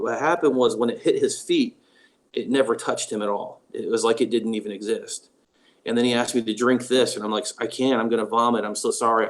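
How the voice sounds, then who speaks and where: A man, a paranormal investigator, telling a personal story as an interview guest, pausing often with ums and restarts. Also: lowish voice. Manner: halting, with frequent ums and restarts.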